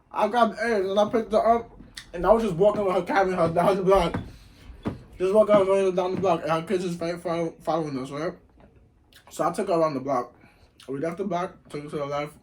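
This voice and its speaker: A man casually telling a lively story while eating, acting out the voices of the people in it. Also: a little high. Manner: animated, acts out voices in quotes. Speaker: vlogger.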